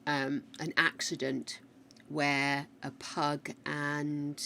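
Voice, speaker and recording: A woman's voice: low-pitched, a little slow. A British woman streaming a game, rambling chattily through a story and answering her chat. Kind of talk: casual chat while gaming.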